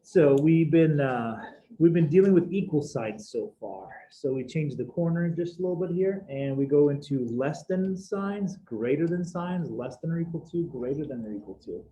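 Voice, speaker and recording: A man teaches an algebra lesson with casual, upbeat energy, tossing in slang as he walks through each step. His voice is deep-toned and mellow. The sound is roomy and echoey, with a faint hiss of noise underneath. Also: animated, normal speed. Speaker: math teacher. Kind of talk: live algebra class over video call.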